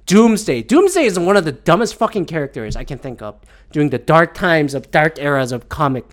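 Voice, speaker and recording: A man hosting his own podcast and venting with plenty of swearing. His pitch leaps up and down in a lively, exasperated rant, and he sounds a little teary and keeps gulping. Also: fairly quick. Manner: profane, exasperated ranting. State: teary and gulping after a swab test. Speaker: podcast host.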